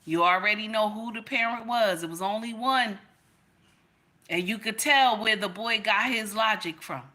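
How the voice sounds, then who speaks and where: A woman's voice: medium pitch, moderate pace, bright, forceful tone. A woman hosting a reaction video, giving casual commentary in an emphatic, preachy way that repeats phrases for effect.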